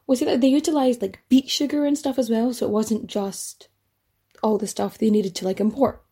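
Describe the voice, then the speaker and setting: A chatty woman hosts a history podcast, telling her story with loose asides and the odd swear word. Her voice sits a bit high, with a mellow, darker tone and a husky edge. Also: fairly even intonation, moderate pace. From Ireland. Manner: chatty and rambling, swears casually, frequent fillers and asides. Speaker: podcast host.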